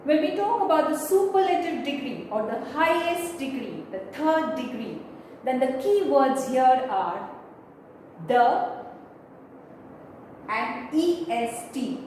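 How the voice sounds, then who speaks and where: A woman's voice: sits high, lively intonation, slow, pauses often, darkish tone. Woman, teacher, step-by-step lesson, long echo, distant mic, faint hiss. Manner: explains step by step, spells out letters. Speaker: English teacher. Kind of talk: slow classroom grammar lesson. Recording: echoey room, mic far off, faint noise.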